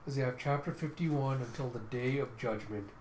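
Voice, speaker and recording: A man's voice: medium pitch, moderate pace, a little mellow, slight background noise. A man reading a comic book aloud in a casual, chatty way. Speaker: manga reader. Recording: echoey room.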